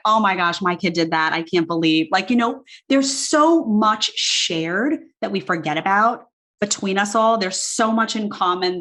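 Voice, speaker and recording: A woman in her thirties, a book author and guest, talking in animated casual chat full of likes and restarts. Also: mid-range voice. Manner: animated, talks fast with many likes and restarts. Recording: live video call.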